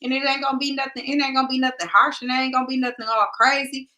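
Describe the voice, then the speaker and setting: Brief: woman podcast host, chatty and direct, bright higher voice. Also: flat delivery, very fast. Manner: chatty, laughing, talks straight to viewers. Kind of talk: casual livestream chat.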